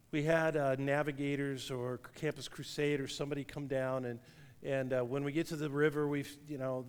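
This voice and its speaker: A middle-aged man preaching a sermon, telling a lively story and laughing at his own tale. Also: mid-range voice. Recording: long reverb of a large hall.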